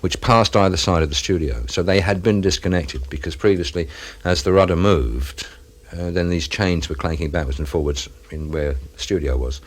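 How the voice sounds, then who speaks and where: Low-voiced man recalling events at sea. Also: normal speed, hardly any pauses. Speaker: former crew member of an offshore radio ship. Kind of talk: reminiscing in an interview.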